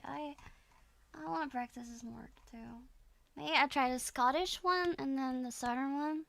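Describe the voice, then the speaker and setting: Bright high Dutch-accented woman streamer. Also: vocal fry. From Netherlands. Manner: giggly, chatty, exclamatory. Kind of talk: casual reaction stream.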